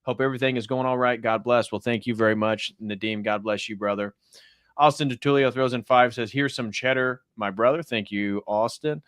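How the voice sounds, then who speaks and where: Smooth, dry-sounding male host. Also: medium pitch, fairly quick, no echo. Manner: steady, reads viewer messages aloud. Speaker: host of a religious stream. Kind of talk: livestream talk and reading donations.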